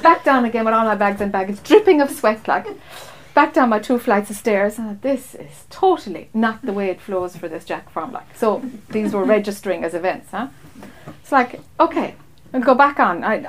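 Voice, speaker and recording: A woman, a spiritual teacher, telling a story to a group in a lively way and acting out her own lines. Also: mid-range voice, slight background noise. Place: meeting room.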